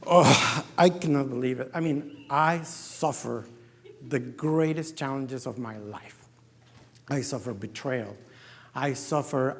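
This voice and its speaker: A man's voice: mid-range voice, creaky. A man from Mexico gives an earnest personal testimony to a conference, acting out his own past dialogue as he tells it. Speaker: business founder giving a testimony. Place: large conference hall. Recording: reverberant conference hall.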